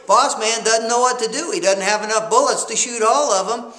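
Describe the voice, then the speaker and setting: High, bright-voiced male leadership coach. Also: moderate pace, few pauses, reverberant. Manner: animated storyteller who acts out scenes. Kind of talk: motivational lecture with storytelling.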